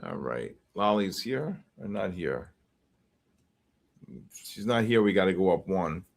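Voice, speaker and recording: A man hosting a live stream, calling out giveaway numbers and names in a casual, drawn-out way with quick asides. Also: low voice, big pitch swings, creaky. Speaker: livestream host calling giveaway winners.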